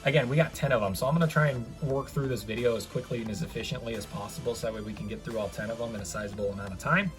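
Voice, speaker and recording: A young man talks through a toy car review in a loose, rambling way. He keeps drifting into asides and pokes fun at himself. His voice sits at an ordinary middle pitch, with faint music underneath. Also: very fast, hardly any pauses. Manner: chatty, rambling, self-mocking asides. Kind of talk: casual unboxing review.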